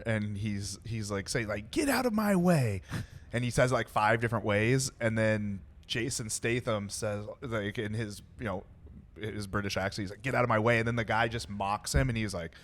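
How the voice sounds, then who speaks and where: Low-voiced man hosting a podcast. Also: fairly even intonation, moderate pace, a bit bright. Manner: loose, joking, stumbling questions. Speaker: podcast host. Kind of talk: casual podcast chat.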